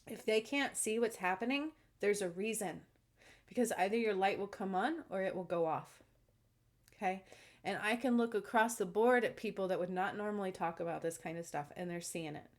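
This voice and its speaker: A woman's voice: medium pitch, moderate pace. A woman talking casually to her viewers, earnest and emphatic, often checking in with "okay?". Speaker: self-described spiritual channeler. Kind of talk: casual monologue to camera.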